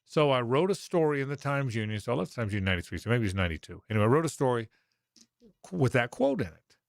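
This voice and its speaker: A man's voice: mid-range voice, big pitch swings, racing, vocal fry, no echo, clean studio sound. A middle-aged man hosting sports talk radio, telling a long anecdote that rambles and corrects itself along the way. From Jacksonville, Florida. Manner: rambling, self-correcting anecdotes with quoted voices.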